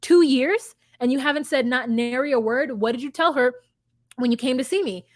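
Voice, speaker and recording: A woman's voice: high-pitched, moderate pace, no room sound, clean studio sound. A woman in her thirties co-hosting a podcast, chatting casually and rambling through a reality show recap with plenty of filler words. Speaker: podcast co-host. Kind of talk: casual chat.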